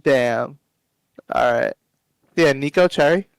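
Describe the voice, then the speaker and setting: A man running a tabletop game, narrating and voicing townsfolk in a halting way full of restarts. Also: mid-range voice, creaky, clear, resonant tone, dry recording. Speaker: game master.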